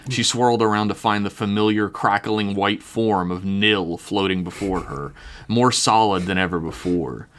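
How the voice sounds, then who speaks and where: A man's voice: on the low side, normal speed, fairly bright tone. A man narrating a tabletop role-playing game in a dramatic style, swearing and laughing now and then. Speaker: game master.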